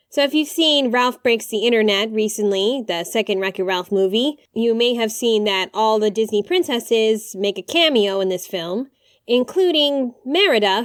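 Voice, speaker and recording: A young woman hosting a podcast, talking in a chatty, animated way with quick apologies and asides. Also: on the high side, dry recording, studio quality. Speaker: podcast host. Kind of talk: casual podcast monologue.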